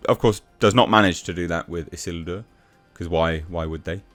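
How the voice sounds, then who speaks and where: A man's voice: sits low, normal speed, fairly bright tone, faint music behind. A man giving a blunt, exasperated casual review rant, with frequent restarts and swearing.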